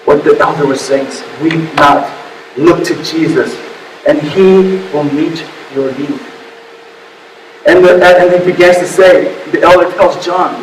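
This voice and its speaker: A man preaching a sermon as pastor, emotional, swinging from hushed to loud and repeating his words. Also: a little high, a little slow, echoey room, in a large hall, recorded from a distance, slight background noise, poor audio.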